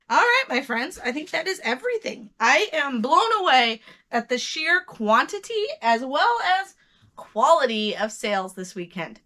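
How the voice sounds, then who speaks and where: An American woman excitedly recapping her resale sales to viewers, chatty and addressing them as friends, her voice a bit worn from talking. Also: fairly high pitch. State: losing her voice. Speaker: reseller vlogger. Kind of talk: casual haul recap to camera.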